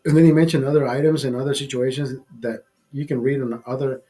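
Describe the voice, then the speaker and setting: A man's voice: medium pitch, steady tone, fast, mellow. A man hosting a casual show, telling a long rambling anecdote full of swearing and acted-out quotes. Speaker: host. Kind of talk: casual storytelling chat.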